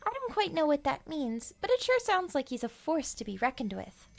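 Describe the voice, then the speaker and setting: A woman's voice: sits high, wildly swooping pitch, moderate pace, creaky, heavily acted. A woman voicing a chatty, curious young woman character in a game who loves passing on rumors. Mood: gossipy. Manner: curious, gossipy, playful.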